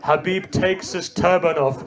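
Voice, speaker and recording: A man giving an impassioned mourning sermon, swinging between loud cries and hushed tones and using Arabic religious terms. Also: sits high, measured pace, noisy background. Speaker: religious reciter.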